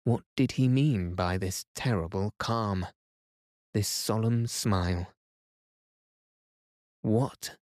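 Slow, low-voiced male sleep-story reader. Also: no echo, studio quality. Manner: slow, soothing, even reading. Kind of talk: calm sleep-story narration.

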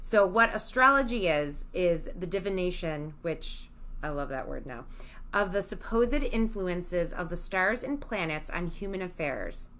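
A woman's voice: fairly low pitch, expressive, measured pace, a bit bright. A woman co-hosting a podcast, explaining things from her notes in an enthusiastic, casual way. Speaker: podcast co-host.

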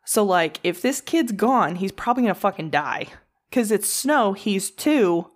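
Give me an animated woman telling a true crime story, swearing freely and casually. Her pitch sits in a middle range, and she talks like she's chatting with a friend. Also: measured pace. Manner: profane, animated storyteller with mocking quoted voices.

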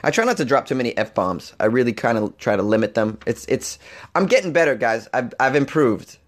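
A man hosting a comedic podcast, slightly hoarse, rambling and animated with frequent restarts. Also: mid-range voice, fairly quick. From Boston, Massachusetts. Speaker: podcast host. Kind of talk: casual comedic podcast monologue.

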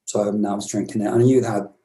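A British man in his fifties with a low, mellow voice recounts stories as an interview guest. He rambles and restarts, reflective rather than polished. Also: little pitch movement, fast talker, rough recording. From Britain. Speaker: musician guest. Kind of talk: storytelling interview.

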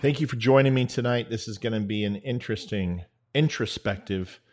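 A man hosting his own show, telling a spoken parable in an earnest, measured way with dramatic pauses. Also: on the low side, loud music behind the voice. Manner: veteran advocate. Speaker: show host. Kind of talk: spoken parable, storytelling monologue.

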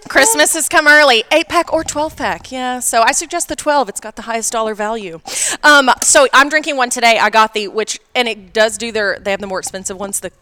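A woman's voice: a little high, brisk, few pauses, no room sound. A woman co-hosting a podcast in casual chat, telling stories animatedly and acting out what people said. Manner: animated storyteller, acts out quoted dialogue. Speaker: podcast co-host.

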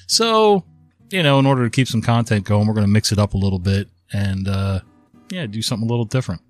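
A man in his fifties narrates a story in a casual, conversational way, worn out from a recent cold. His voice is low and lively, and the sound is dry and close. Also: quick pace, dry recording, soft background music. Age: 50s.

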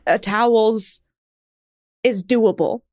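A woman co-hosting a podcast in casual chat, frank and quick to laugh, swearing freely. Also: a little high, a little mellow, no echo, studio quality. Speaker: podcast co-host.

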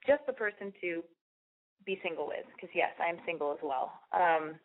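A woman's voice: on the low side, animated, normal speed, a little hiss or hum. A woman podcast host with a lisp, giving a brash, profane, rambling and self-deprecating advice monologue. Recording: phone-like narrow band.

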